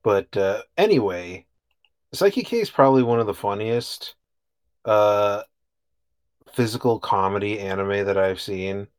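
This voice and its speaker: A relaxed man with a fairly low voice chats as a co-host. He talks in an easygoing way, chuckles often and swears offhandedly. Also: a little slow, long pauses, clean tone. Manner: laid-back, chuckling, swears casually. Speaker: podcast co-host. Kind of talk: casual chat.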